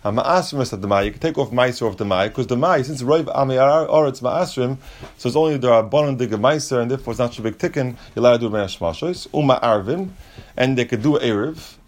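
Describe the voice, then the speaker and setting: A man's voice: medium pitch, quick pace. A man teaching a Talmud lesson, reading Aramaic and Hebrew phrases and restating each point step by step in plain English.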